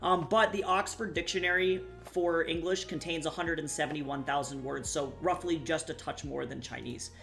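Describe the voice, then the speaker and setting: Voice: mid-range voice, steady tone, normal speed, vocal fry, few pauses, a bit bright, faint music behind. A young adult streamer in casual live-stream chat, rambling and swearing casually while talking to viewers.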